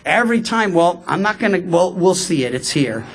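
A man's voice: fairly high pitch, lively intonation. Man preaching a conversational sermon. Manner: conversational, emphatic, slows for quoted scripture. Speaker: pastor. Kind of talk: radio sermon.

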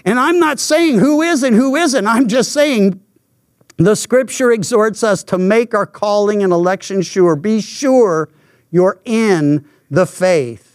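An older man preaching a sermon in an emphatic, deliberate way, a pastor teaching from Scripture. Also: high-pitched, no echo, studio quality.

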